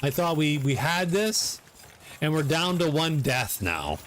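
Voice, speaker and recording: A middle-aged man giving live commentary on his gameplay, excitable, swearing and laughing often. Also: fairly high pitch, a little slow, a little hiss or hum. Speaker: game streamer.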